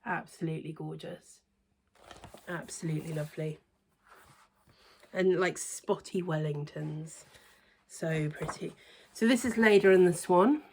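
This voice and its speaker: A woman reviewing cross stitch books in a casual, hesitant way, trailing into quiet near-whispered asides. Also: sits low, a little slow, pauses often, slight background noise. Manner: chatty, hesitant with many ums, softens to near-whisper asides. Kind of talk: casual show-and-tell review.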